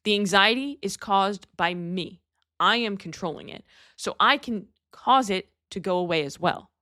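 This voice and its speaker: A woman's voice: mid-range voice, animated, moderate pace, pushed and bright, no room sound, studio quality. A young adult woman hosting a podcast, giving a candid, earnest motivational monologue and swearing casually. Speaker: podcast host.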